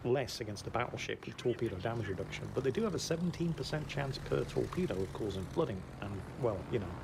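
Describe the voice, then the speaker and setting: A man's voice: medium pitch, animated, fast talker, creaky, background noise. Giggly man commentating a game. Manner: giggly, laughs often through his commentary. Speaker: gameplay commentator.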